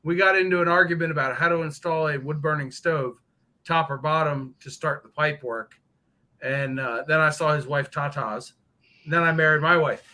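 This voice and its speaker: Man, high voice, very bright tone, profane joker, casual live chat. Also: fairly even intonation, moderate pace, rough recording. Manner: profane, joking storyteller. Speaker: guest on a motorcycle live stream.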